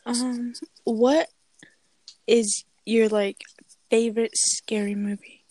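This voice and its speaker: Young woman podcast host, giggly, talks slow, dry close mic sound. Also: on the high side, flat delivery, mellow, dry recording. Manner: giggly, drawn-out fillers. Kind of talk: casual chat.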